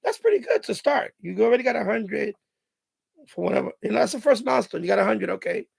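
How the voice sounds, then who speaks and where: A hoarse man with a raspy, heavily gravelly voice hosts a live stream in loose, casual chat. He sits fairly high for a man and sounds dry and close. He rambles through advice, leaning on "you know" and frequent restarts. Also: sing-song, fast, no echo. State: hoarse, voice going after hours of talking.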